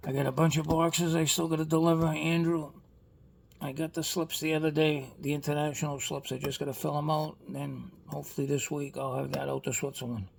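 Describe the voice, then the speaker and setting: A man's voice: a little high, little pitch movement, fairly quick, creaky, slight background noise. A man from Boston with a Boston accent, chatting casually and rambling in a vlog. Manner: rambling, chatty, frequent "you know what I mean". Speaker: toy car customizer vlogger.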